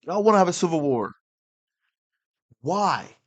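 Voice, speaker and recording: A man's voice: high-pitched, big pitch swings, unhurried. A man delivering a rambling political rant to his audience, heated and full of slang and rhetorical questions. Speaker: online commentator.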